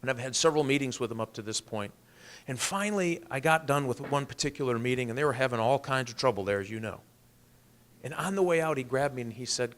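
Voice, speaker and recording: A man's voice: medium pitch, quick pace, a bit bright. A man, a congressman, giving a political speech with earnest storytelling and emphatic rises.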